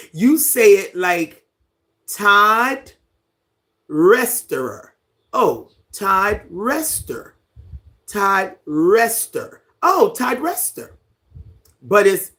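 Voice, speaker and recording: A livestream host who has lived on a Caribbean island for ten years, chatting casually with viewers at home and reading out their comments in an unhurried way. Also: mid-range voice. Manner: relaxed, unhurried, greets and reads out viewer comments. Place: at home, indoors, near a fan.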